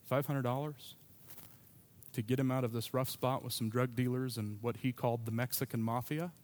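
A man's voice: medium pitch, steady tone, moderate pace, a little mellow. A pastor preaching a sermon to his congregation, telling a personal story in a conversational way with asides.

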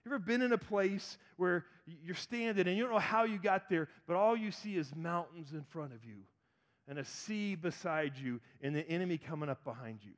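A man's voice: high-pitched, expressive, fairly quick. A man in his forties preaching a sermon, animatedly acting out the voices of people in the story. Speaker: pastor.

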